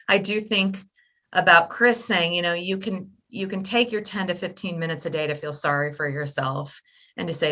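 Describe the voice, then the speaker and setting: Middle-aged woman, bright voice kinda low, candid interview guest, expressive storytelling. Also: unhurried. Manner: expressive storyteller, swings between animated and quiet. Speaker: podcast guest, widowed mother.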